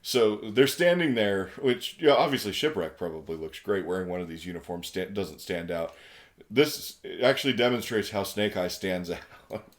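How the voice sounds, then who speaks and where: A man's voice: low voice, moderate pace. A man on a podcast casually recapping a cartoon episode, often laughing as he tells the plot. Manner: laughs through plot summaries and quotes. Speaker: podcast co-host.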